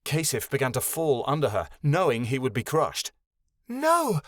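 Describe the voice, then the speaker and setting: A man narrating a fantasy audiobook in a measured, dramatic storytelling way, close to the mic. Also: mid-range voice, no room sound. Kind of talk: scripted narration.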